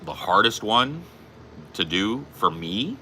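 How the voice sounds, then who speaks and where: A man's voice: lowish voice, very animated, slow pace, bright, forceful tone, a little hiss or hum. A man hosting a casual podcast chat, crude and laid-back, calling people bro. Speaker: podcast host.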